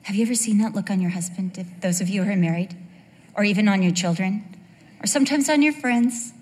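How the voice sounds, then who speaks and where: A woman's voice: mid-range voice, quick pace, darkish tone. A woman, a pastor's wife, giving a candid and humorous church talk full of personal asides. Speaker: pastor's wife speaking to a congregation. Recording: long hall reverb.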